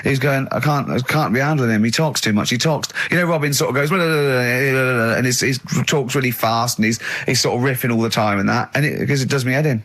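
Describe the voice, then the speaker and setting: A man hosting a radio show from a studio, chatting casually and telling animated stories in which he mimics his friends. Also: mid-range voice, quick pace, hardly any pauses. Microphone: studio microphone.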